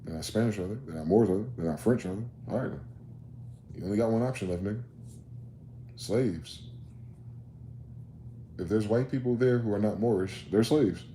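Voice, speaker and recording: A man's voice: fairly low pitch, moderate pace, long pauses, mellow. A man hosting a solo rant monologue, firing off rhetorical questions in a profane, combative way. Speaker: host. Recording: roomy echo, faint background noise.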